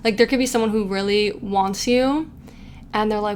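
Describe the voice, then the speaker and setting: A woman's voice: medium pitch, moderate pace, a little hiss or hum. A young woman giving a casual pick-a-card tarot reading, chatty and giggly, reading quotes aloud with playful asides. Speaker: tarot reader.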